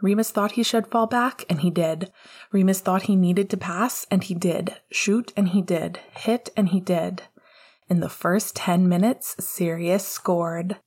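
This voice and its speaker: A woman narrating a fan-fiction audiobook with steady storytelling, giving the dialogue small character voices. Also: fairly low pitch, measured pace, slightly rough.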